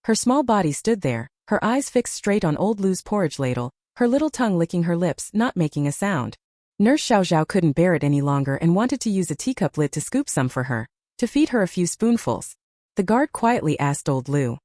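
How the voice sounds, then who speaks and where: A woman narrating a translated novel as an audiobook, in a steady storytelling delivery. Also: fairly low pitch, moderate pace, dry recording, studio quality.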